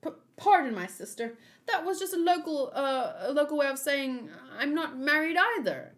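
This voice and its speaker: A woman's voice: sits high, expressive, moderate pace, voice pushed up. A woman doing a proud, scolding merman prince. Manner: formal, scolding and earnest. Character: proud, protective young merman prince, older brother.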